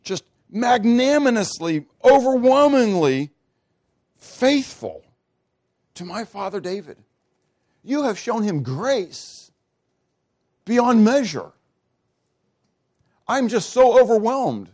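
A man voicing a young king praying aloud, fervent and halting, searching for words in overwhelmed awe. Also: high-pitched, wildly swooping pitch, pitched above the performer's own voice.

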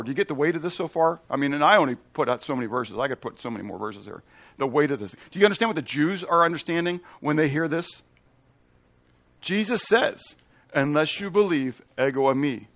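A man leads a Bible study as pastor in a slightly high voice, speaking with emphasis. He puts questions to the room and answers them himself, drawing out scripture quotations slowly and loudly in this sermon with Bible reading.

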